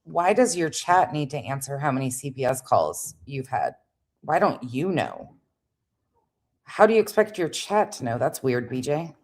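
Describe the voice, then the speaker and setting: A woman's voice: extremely low pitch, very animated, normal speed, darkish tone. A woman reacting on a live stream, making skeptical, wry remarks. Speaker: commentary streamer.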